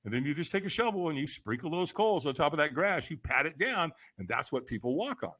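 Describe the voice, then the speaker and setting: A man telling a personal story as a podcast guest, lively and emphatic, acting out quoted lines with sudden shouts. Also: fairly high pitch, a little fast. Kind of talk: animated storytelling in conversation.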